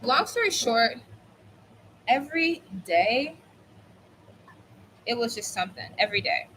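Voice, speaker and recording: A woman's voice: a little high, lively intonation, unhurried, background noise. A woman in her thirties telling a casual storytime while cooking at home, chatty and full of "like" fillers. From United States. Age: 30s. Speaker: vlogger.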